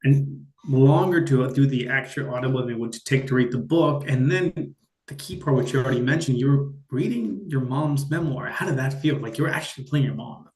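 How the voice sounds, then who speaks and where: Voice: mid-range voice, fairly quick, a little mellow, roomy sound, poor audio. A podcast host asking questions and reacting briefly in a casual interview.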